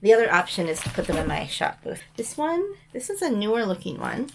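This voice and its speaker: A woman's voice: on the high side, big pitch swings, a little fast, creaky, fairly bright tone, a little hiss or hum. A woman chatting casually as she shows mail and thrift finds, rambling with frequent ums and restarts. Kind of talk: casual show-and-tell chat.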